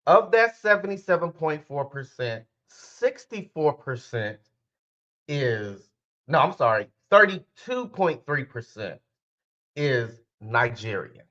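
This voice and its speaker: A man with a fairly high, sharp-toned voice hosts his own casual podcast, rambling directly to listeners and frequently correcting himself. He's a spiritual life coach, and the recording is muffled.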